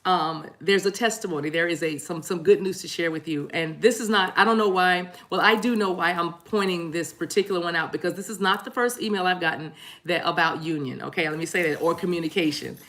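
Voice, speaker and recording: A woman's voice: lowish voice, brisk. A woman reading tarot cards for her viewers in a casual live-stream chat. She rambles, laughs a lot and keeps saying "y'all". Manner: chatty, laughs often, warm "y'all" asides; rambling with restarts and apologies. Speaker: tarot reader.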